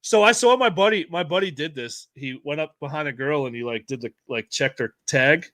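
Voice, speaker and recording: A man's voice: a little high, fairly quick. A man co-hosting a podcast in casual banter, laughing often. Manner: laughs a lot, animated. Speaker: podcast co-host.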